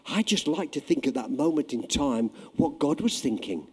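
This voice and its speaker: A man preaching a sermon, telling a story with lively acted-out voices that swell loud at the high points. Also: brisk, hardly any pauses, noisy background. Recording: long hall reverb.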